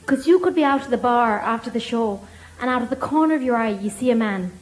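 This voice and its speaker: An Irish woman comedian telling a lively, gossipy story to a live theatre audience. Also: a little high, fast, few pauses, reverberant, low-quality recording.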